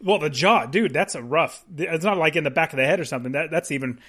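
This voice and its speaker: Excitable man chatting with easy laughs. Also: a little high, fast. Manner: laughs often, excitable, rambling with restarts. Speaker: podcast co-host. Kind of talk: casual chat.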